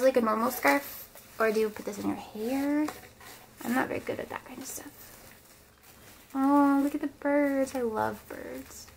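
A young woman with a Midwest American accent, chatting excitedly as she opens fan mail for her vlog and talks to her dolls. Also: sits high, gravelly, breathy edge. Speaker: vlogger opening fan mail. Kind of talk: casual vlog unboxing.

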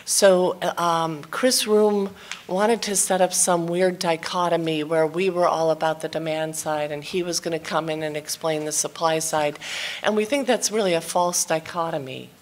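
A woman's voice: low voice, steady tone, moderate pace. A woman speaking in an academic panel discussion, earnest and restarting her sentences often. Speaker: seminar speaker.

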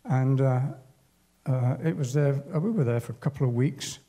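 An older man telling a personal war story at a church service in a halting, unhurried, wry way. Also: mid-range voice, mellow. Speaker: church speaker. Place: church hall.

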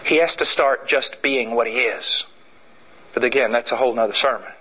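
A man's voice: mid-range voice, moderate pace, pushed and bright, slightly rough, low-quality recording. A man preaching a sermon in an emphatic, repetitive way, acting out illustrations.

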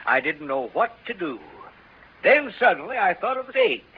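A man's voice: high-pitched, sing-song, normal speed. An actor playing a long-winded, folksy middle-aged father in a 1930s radio drama. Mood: rambling. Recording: dull old radio broadcast, faint hiss.

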